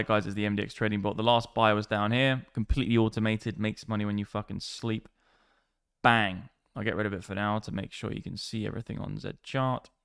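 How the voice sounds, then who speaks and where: A man's voice: lowish voice, gravelly, a bit bright, clear, resonant tone, no room sound, clean studio sound. A man hosting a live crypto trading stream, chatting with swearing, hyped banter. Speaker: livestream crypto trader.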